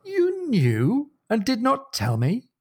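A man's voice: extremely high pitch, huge pitch swings, moderate pace, slightly rough, voice pushed up, heavily acted. A man voicing an indignant naval captain who feels made a fool of aboard his own ship. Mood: outraged. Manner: indignant outburst. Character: furious middle-aged male sea captain.

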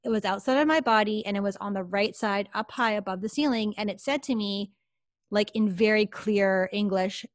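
A woman's voice: mid-range voice, normal speed, dry recording, clean studio sound. A woman, a psychic medium, telling a personal story in a podcast interview, chatty and full of fillers. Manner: lively, chatty, many fillers like "like".

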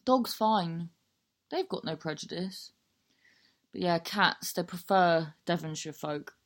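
A woman's voice: on the low side, slow pace. A woman with a Cornish accent hosting a podcast, chatting casually and rambling, with frequent swearing and self-mockery. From Cornwall. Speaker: podcast host.

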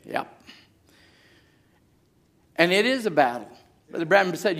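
A middle-aged pastor preaching a sermon, moving from quiet storytelling to shouted exhortation. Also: male voice, high voice, very animated, a little slow, pauses often.

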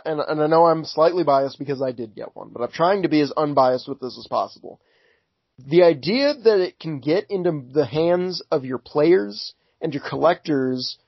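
A man's voice: on the high side, gravelly, husky, no room sound. A man co-hosting a podcast, laying out his reasoning earnestly in casual chat. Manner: earnest, reasoning argument with restarts. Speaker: podcast co-host. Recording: dull lo-fi dry recording.

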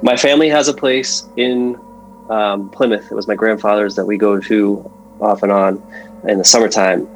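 A man in his forties, a guest painter from Massachusetts, chatting casually on a podcast and telling stories in an animated way. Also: lowish voice, normal speed, faint music behind, rough recording. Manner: animated storyteller, restarts and fillers.

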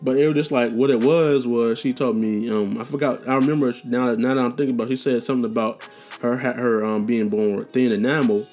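A man's voice: medium pitch, steady tone, a little fast, a little mellow, faint music behind. A young man hosting a casual storytelling podcast, talking loose and profane with slang, restarts and tangents. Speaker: podcast host.

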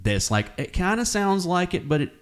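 A man's voice: high-pitched, sing-song, normal speed. A man co-hosting a casual chat, rambling as he hunts for names. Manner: rambling, searches for names with ums. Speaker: podcast co-host.

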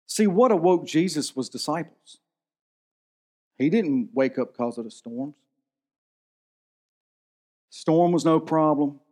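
A man's voice: mid-range voice, darkish tone. A man in his forties preaching a sermon in a conversational, storytelling manner. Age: 40s. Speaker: pastor.

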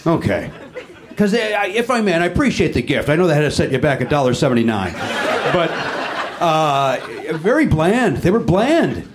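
A middle-aged man hosting a live comedy podcast on a club stage, teasing the audience with quick sarcastic crowd work. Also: fairly high pitch, big pitch swings, background noise.

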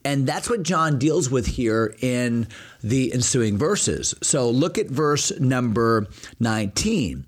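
A man explains a Bible passage in conversation. He is an earnest pastor who keeps posing rhetorical questions. His voice sits at a middling pitch. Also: expressive, takes it slowly.

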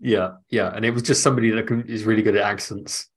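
A man co-hosting a theme park podcast, talking in rambling, halting sentences. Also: on the low side, fairly even intonation, husky. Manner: rambling, halting, restarts a lot. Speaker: podcast co-host. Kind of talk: casual podcast chat.

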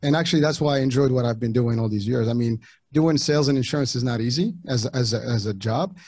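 A middle-aged man from Morocco, whose first languages were French and Arabic, talking casually as an interview guest in halting sentences with many restarts. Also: medium pitch, a little mellow, no room sound. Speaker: podcast guest.

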